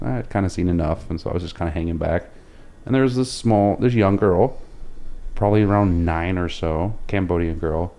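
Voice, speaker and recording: A man from Oklahoma, USA, appears as a podcast guest, his low voice carrying a darkish tone. He casually tells rambling travel anecdotes that poke fun at himself.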